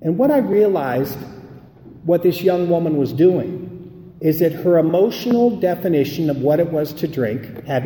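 A man's voice: sits high, dark tone, slight background noise. A man giving an emphatic recovery talk, telling stories and acting out the dialogue. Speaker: recovery speaker. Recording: echoey hall recording.

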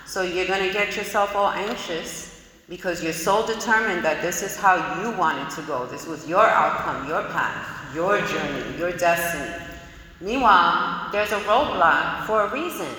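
A woman's voice: on the low side, moderate pace, sharp tone, far from the mic. A woman sharing her recovery story in a frank, conversational way, with many casual fillers. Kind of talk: personal testimony talk. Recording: echoey hall with long reverb.

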